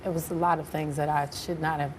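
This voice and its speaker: A young woman in her twenties, a singer guest on a talk show, soft-spoken and giggly. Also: low-pitched, level tone, fast. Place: TV studio with live audience. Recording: studio audience and noise behind.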